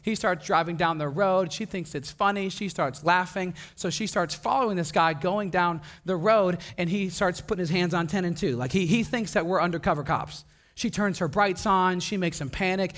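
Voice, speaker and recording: With a high voice at normal speed, a young Wisconsin man preaches a relaxed sermon full of stories. As a pastor he's animated and laughs often, doing the voices of the characters he describes.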